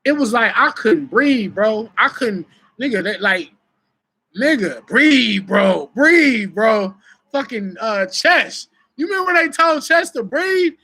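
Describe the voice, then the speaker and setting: A young adult man talks loosely on a live stream, swinging between loud bursts and low mutters as he tells his story. His voice has a bright, forward edge. He swears freely and stays animated. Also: moderate pace. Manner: animated, profane, laughing storytelling. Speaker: battle rapper and host. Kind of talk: live stream casual talk.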